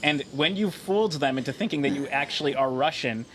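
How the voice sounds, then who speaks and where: A man's voice: mid-range voice, brisk, over a noisy crowd, rough recording. A man, a podcast guest, telling wry stories in casual chat.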